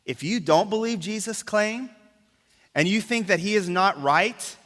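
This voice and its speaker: Male pastor, sermon; slightly high, bright voice; emphatic, hushes key words; church reverb. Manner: asks the crowd rhetorical questions. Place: church sanctuary. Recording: long reverb of a church hall.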